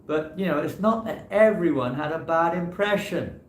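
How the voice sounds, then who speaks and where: A man's voice: fairly high pitch, lively intonation, moderate pace, slight background noise. A man, a monk, giving an informal scripture class in a temple hall, talking in a loose, rambling way full of "you know" fillers.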